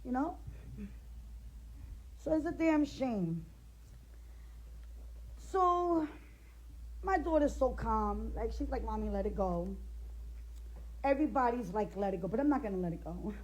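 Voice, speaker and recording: Indignant middle-aged woman, higher voice. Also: animated, measured pace, long pauses, rough recording. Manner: indignant, confrontational, firing rhetorical questions. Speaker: grandmother speaking out in a family feud. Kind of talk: direct-to-camera rant.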